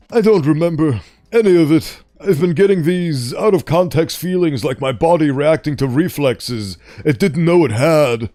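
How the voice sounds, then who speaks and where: A man reading aloud voices a weary, frightened male researcher, speaking in a halting, distressed way. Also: fairly high pitch, dark tone, dry recording.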